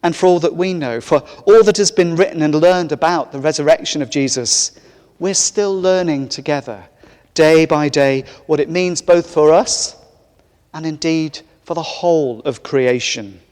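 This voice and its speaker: Vicar preaching in an echoey church. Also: male voice, fairly high pitch, moderate pace. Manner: warm, conversational preaching with light humor. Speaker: parish vicar. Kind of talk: sermon. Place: large church.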